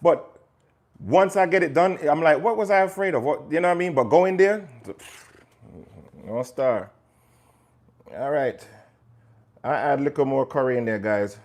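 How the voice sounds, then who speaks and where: Chatty Jamaican chef, joking with viewers. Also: male voice, mid-range voice, measured pace, long pauses, a little mellow. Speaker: chef hosting a livestream. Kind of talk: casual live cooking chat.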